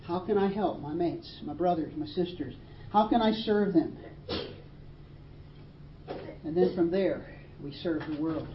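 A woman's voice: fairly low pitch, a little slow, pauses often, reverberant, dull audio, slight background noise. A woman preaching a sermon, earnest and emphatic, reading scripture aloud. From Australia. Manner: earnest, emphatic preaching with dramatic read quotes.

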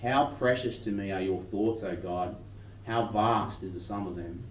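A man's voice: on the low side, normal speed. A man preaching a sermon, earnestly reading scripture with rising emphasis. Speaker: pastor. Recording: roomy distant dull recording with faint noise.

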